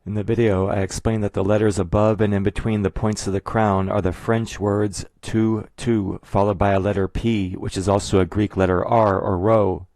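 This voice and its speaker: Male narrator for an explainer: deep voice, dry close-mic sound, measured and methodical. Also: flat delivery, a little mellow, no room sound. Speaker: video essayist.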